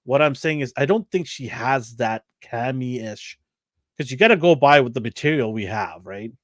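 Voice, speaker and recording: A man's voice: mid-range voice, animated, normal speed, a bit bright, dry recording, studio quality. A man co-hosting a casual chat show, rambling, repeating himself and laughing often. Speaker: co-host.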